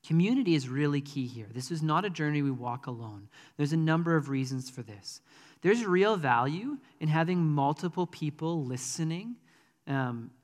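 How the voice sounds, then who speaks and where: A man's voice: a little high, big-room sound. A man preaching a sermon in a conversational, earnest way, with frequent ums. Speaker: pastor.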